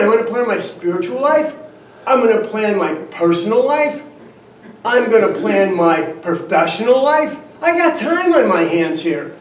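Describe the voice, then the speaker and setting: An older man tells folksy stories at a company gathering in a fairly high voice, dropping "right?" and chuckling as he goes. He is heard from a distance in a roomy space, with faint ambience behind him. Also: lively intonation, normal speed, slight background noise. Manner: folksy, anecdotal, frequent "right?" asides and chuckles. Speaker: company founder giving a speech. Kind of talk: storytelling motivational speech. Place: event room at a company trip.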